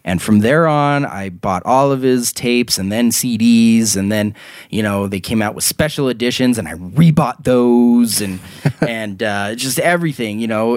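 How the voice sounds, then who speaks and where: A young man hosts a podcast in a relaxed, rambling way, circling back over his words with plenty of "uh" and "you know." His voice sits in an ordinary middle register, recorded close on a studio mic with a dry, dead sound. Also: mid-range voice, no echo. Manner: rambling, halting with many fillers and laughs. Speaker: podcast host. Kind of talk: casual podcast chat.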